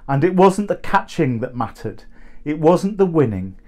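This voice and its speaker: A man reading a short story aloud, measured and expressive. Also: fairly high pitch.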